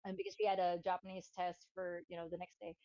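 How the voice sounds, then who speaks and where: A woman chatting casually as a guest, telling stories in an animated way. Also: lowish voice, fast, no echo, dull audio. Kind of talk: casual chat.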